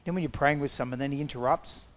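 A man's voice: mid-range voice, fast talker, fairly bright tone. A man giving a personal testimony, retelling events conversationally and acting out the quotes.

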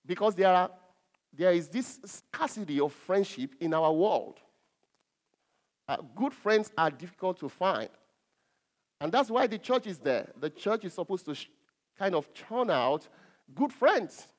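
Man preaching a sermon, fairly high voice, emphatic stresses, lots of fillers and restarts. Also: expressive, unhurried, pauses often.

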